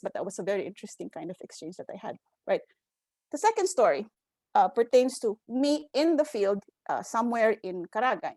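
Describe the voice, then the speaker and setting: A woman's voice: on the high side, darkish tone, no echo. A Filipino woman in her fifties, an anthropologist on a roundtable panel, telling stories and often adding "right?" while mixing in Tagalog phrases. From Philippines, grew up in Quezon City. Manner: frequent "right?" tag questions, mixes in Tagalog phrases. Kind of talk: academic roundtable talk, storytelling.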